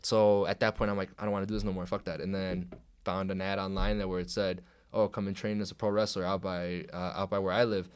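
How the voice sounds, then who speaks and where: A young man, a professional wrestler guesting on a podcast, talks fast and animatedly through a profane story, mimicking what people said to him. His voice is low-pitched, with slight background noise.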